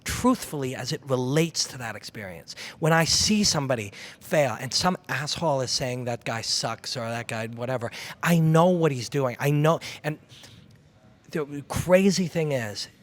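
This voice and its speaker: A man's voice: medium pitch, expressive, normal speed. Intense, reflective man telling a fight story. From Canada. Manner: intense, reflective, swears freely. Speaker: MMA commentator and former fighter, interview guest. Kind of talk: candid interview storytelling.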